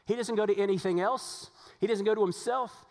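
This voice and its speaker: A man's voice: sits high, steady tone, brisk, a little mellow, long reverb tail. A man preaching a sermon as pastor, earnest and repetitive, asking his congregation rhetorical questions.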